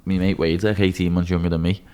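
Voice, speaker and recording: A man's voice: low voice, level tone, fast talker, mellow, a little hiss or hum. A young man in his twenties with a Scouse accent, a guest on a podcast, talking bluntly and candidly, swearing freely and calling everyone "lad". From Liverpool, England. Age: 20s. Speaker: guest, MMA fighter.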